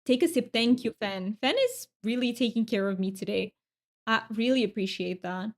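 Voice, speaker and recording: Scattered, chatty woman streamer, high-pitched. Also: expressive, moderate pace. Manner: scattered and self-interrupting, repeats words often. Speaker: live streamer. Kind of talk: casual live-stream chat while drawing.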